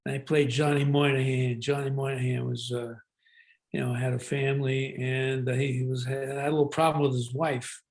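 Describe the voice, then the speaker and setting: An older man talks as a guest in a relaxed interview. He rambles and restarts as he tells his stories, and his mid-range voice sits right in the middle. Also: mid-range voice, moderate pace. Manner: rambling, many restarts and fillers, slips into regional voices. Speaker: guest actor. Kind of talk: casual interview talk, storytelling.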